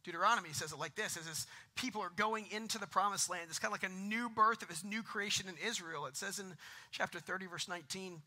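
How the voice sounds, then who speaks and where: Man, 30s, pastor, conversational sermon, slightly high voice, bright and forceful. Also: fast. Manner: conversational preaching with jokes and rising emphasis.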